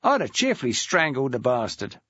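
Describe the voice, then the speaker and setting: A man voicing a brash, crude, sharp-tongued ex-wife in a storybook reading. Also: medium pitch, huge pitch swings, brisk, slightly rough, no room sound, lo-fi sound, exaggerated voice. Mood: coarse, defiant. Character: coarse, brash chain-smoking ex-wife, a woman.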